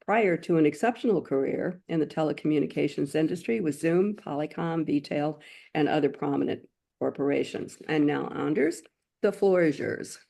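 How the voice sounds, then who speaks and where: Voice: mid-range voice, moderate pace, gravelly. A webinar host reading scripted announcements and speaker introductions in a formal, polished way. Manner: reads from a script, warm and formal.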